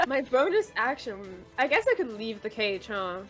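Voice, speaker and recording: Give me a woman player in a tabletop game, slightly high and bouncy, giggling and hesitant with lots of ums. Faint background music plays. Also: very animated, moderate pace, fairly bright tone. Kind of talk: casual chat during a tabletop game.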